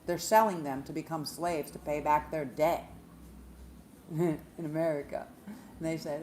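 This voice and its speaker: A woman, a spiritual reader, retelling a story in a profane, animated monologue. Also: sits low, measured pace, long pauses, a little hiss or hum. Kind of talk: casual monologue vlog.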